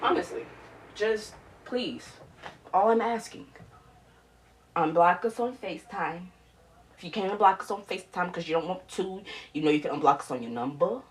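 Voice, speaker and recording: A woman's voice: fairly low pitch, lively intonation, normal speed, long pauses. A woman recording an emotional, pleading video message to her mother on a phone, often repeating herself. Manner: pleading, repeats herself, swings between soft and loud.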